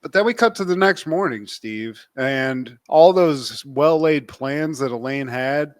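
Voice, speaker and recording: A man's voice: medium pitch, unhurried, no echo. A man co-hosting a podcast, recapping a sitcom episode in loose, profane chat and laughing often. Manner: animated, profane, laughs often, keeps addressing his co-host. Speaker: podcast co-host.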